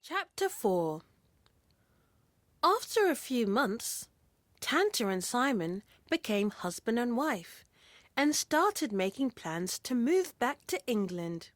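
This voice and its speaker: A woman narrating a storybook in an expressive, unhurried way, recorded close and dry. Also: fairly high pitch, dry recording.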